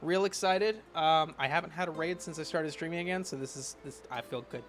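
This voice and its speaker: A man chatting casually on his game stream, relaxed and laughing often, swearing now and then. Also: on the high side, brisk. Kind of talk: casual gaming stream chat.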